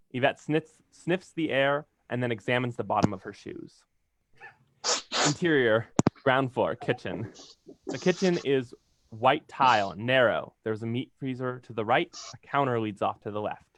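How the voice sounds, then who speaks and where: A man's voice: medium pitch, a little slow, fairly bright tone. A man reading stage directions aloud in a plain, straightforward way, sometimes stumbling over a word. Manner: plain, occasionally stumbling and laughing.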